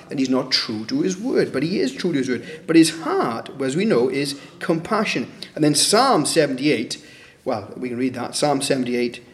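A man preaching a sermon in a conversational way, asking rhetorical questions and acting out the voices he quotes. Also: a little high. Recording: echoey room.

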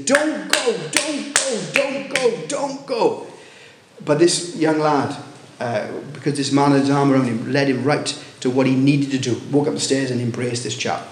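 A man preaching a sermon, telling a story with many restarts and rising excitement at its loud moments. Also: on the high side, reverberant, a little hiss or hum. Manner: halting, many restarts, rises when telling of shouting.

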